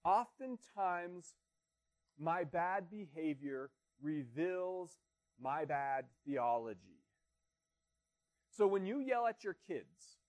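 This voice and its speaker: A man's voice: high voice, expressive, a little slow, darkish tone. A man, a pastor with children, preaching an earnest, conversational sermon full of rhetorical questions.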